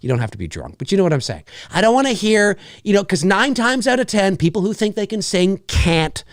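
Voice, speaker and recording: A man hosts his own livestream show and rants in a casual, exasperated way, dropping curse words freely. His pitch leaps and dips all over the place as he acts out noisy children. The sound is close and dry, with no room echo. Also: a little fast. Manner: animated, exasperated, swears freely, mimics noisy kids. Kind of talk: casual ranting monologue.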